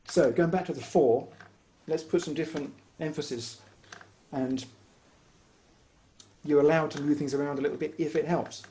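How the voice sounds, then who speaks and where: A man giving a patient, step-by-step online music lesson on the hurdy-gurdy, pausing often as he explains. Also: on the high side, warm tone, a little hiss or hum. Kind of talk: online music workshop instruction. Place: home room, online workshop.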